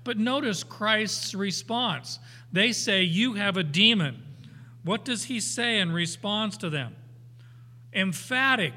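An older man teaches from scripture at a slow, deliberate pace, his voice bright and a touch high for a man. He mixes homely stories with emphatic readings of the verses. A long reverb trails each phrase, as if he is speaking in a large hall. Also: lively intonation. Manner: folksy, unhurried, with anecdotes and chuckles. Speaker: Bible teacher.

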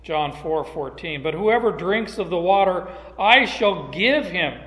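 A man's voice: sits high, lively intonation, a little slow, a bit bright. Emphatic preaching man in an echoey hall. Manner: emphatic preaching with rhetorical questions. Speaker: pastor. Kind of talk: sermon. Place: church sanctuary.

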